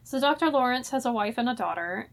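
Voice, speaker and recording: A young woman chatting with friends about a movie she has watched, her voice sitting a touch high. She tells the story loosely, with plenty of filler words, and she is relaxed and conversational. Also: quick pace, creaky. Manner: laid-back, many "like" fillers. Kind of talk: casual movie recap chat.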